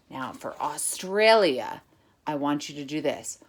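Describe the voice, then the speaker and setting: A woman teacher reads a picture book aloud to children and chants its words in a steady beat. Her fairly low voice swings widely up and down as she talks. She gives patient, unhurried instructions. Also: a little hiss or hum. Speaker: music teacher.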